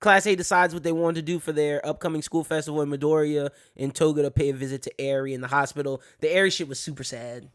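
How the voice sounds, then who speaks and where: A man co-hosting a casual podcast chat, relaxed and quick to laugh, steering the talk with questions. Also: a little high, clean tone. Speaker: podcast co-host.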